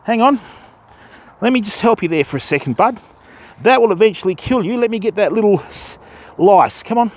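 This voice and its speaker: Aussie bloke streaming his fishing, fairly high voice, chatty and talks you through each step. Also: animated, brisk, long pauses. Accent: Australian. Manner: chatty, explains rigs to viewers step by step. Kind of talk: casual live-stream chat while fishing. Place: outdoors on a river bank at dusk.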